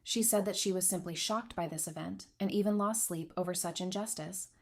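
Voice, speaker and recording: A woman's voice: on the low side, brisk. Woman narrating a story recap.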